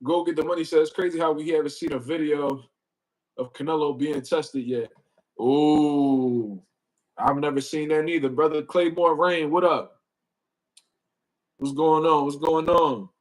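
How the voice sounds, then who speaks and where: Unhurried and fairly even in intonation, a man with a fairly high voice hosts a casual boxing livestream on a low-quality recording. He welcomes chat viewers, rambles in coarse slang, leans on "you know what I mean," and moves his desk mic in.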